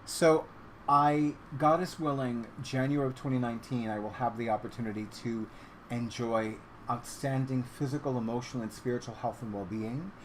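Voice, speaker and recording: A man talking casually to his viewers about what has been on his mind lately. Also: background noise. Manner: switches to a high animated baby-talk voice when addressing his cat. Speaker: vlogger. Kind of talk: casual vlog talk to camera.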